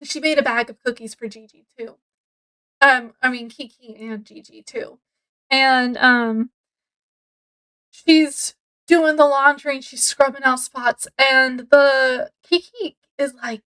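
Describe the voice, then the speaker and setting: High-voiced woman chatting about a book. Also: slow pace, fairly bright tone, poor audio. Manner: chatty, laughs often while retelling. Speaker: book reviewer. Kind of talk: casual chat.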